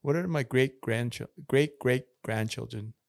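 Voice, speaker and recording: A man's voice: mid-range voice, a little slow, gravelly, darkish tone, no room sound, studio quality. A man in a casual podcast chat, talking earnestly and repeating his key points like a preacher.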